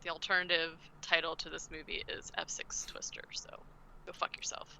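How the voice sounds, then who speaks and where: A woman's voice: deep voice, little pitch movement, moderate pace, creaky, bright, forceful tone, a little hiss or hum, rough recording. A woman co-hosting a podcast, recapping a movie in casual chat, sarcastic and swearing, acting out quotes in silly voices. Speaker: podcast co-host.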